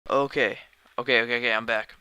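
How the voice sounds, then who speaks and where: A man's voice: mid-range voice, steady tone, quick pace, sharp tone, clear, resonant tone, dry recording, rough recording. A man live-streaming a game, chatting casually and rambling, often sidetracked mid-sentence, recorded at home on a dedicated microphone. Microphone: dedicated desk microphone.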